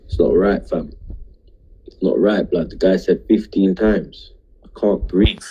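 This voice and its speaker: Young man, low and husky, drunk and emotional, rambling livestream chat in street slang. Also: measured pace, dark tone, dull audio. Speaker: livestream host.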